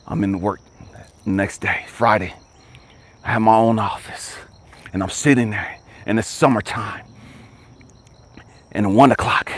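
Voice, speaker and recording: A man, a life coach, telling a personal story dramatically, jumping from excited high bursts to hushed, whispery lows and urging listeners to stay with him. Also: slightly rough. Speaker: life coach and motivational speaker.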